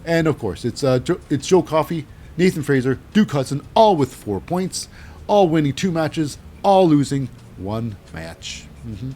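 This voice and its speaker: A man's voice: fairly high pitch, big pitch swings, unhurried, mellow, slight background noise. A man casually recapping wrestling matches in a rambling, wry way with lots of fillers.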